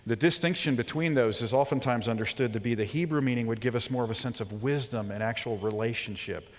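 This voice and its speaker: A man in his forties preaches a sermon with animated storytelling, acting out the voices he quotes and sinking to a hush for emphasis. His voice sits at an ordinary mid pitch. It rings out with a long reverb in a large hall. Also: quick pace. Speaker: preacher and professor.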